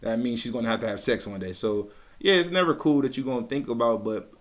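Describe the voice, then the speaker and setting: A young man co-hosting a podcast in casual chat, relaxed and joking as he talks through his points at length. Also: mid-range voice, fast talker. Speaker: podcast co-host.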